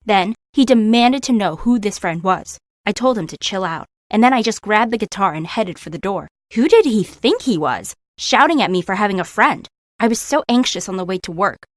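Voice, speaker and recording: Young woman narrating an animated story. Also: mid-range voice, moderate pace, no room sound, clean studio sound. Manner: emotional, confiding storytelling. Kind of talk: scripted first-person story narration.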